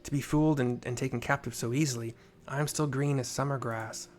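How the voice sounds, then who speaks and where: A man's voice: medium pitch, fairly even intonation, a little fast, darkish tone, natural voice. A man reading an earnest young officer.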